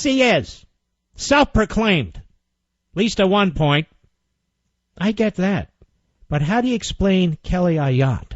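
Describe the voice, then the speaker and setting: A man's voice: a little high, no echo. A man hosting a political radio talk show, sarcastic and indignant as he mocks the clips he plays. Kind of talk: combative political radio commentary. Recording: muffled lo-fi broadcast audio.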